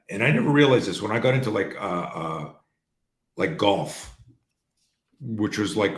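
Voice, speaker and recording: Deep-voiced man telling animated stories. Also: reverberant. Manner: animated, profane storyteller acting out dialogue. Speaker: host and coach. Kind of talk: conversational storytelling on a call. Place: room on an online call.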